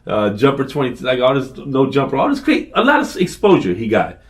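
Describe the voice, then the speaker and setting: A man co-hosting a podcast, telling a profane story with animated energy and a constant stream of swearing. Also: mid-range voice, fairly quick. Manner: animated, swears constantly, acts out shouted quotes. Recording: somewhat distant from the mic.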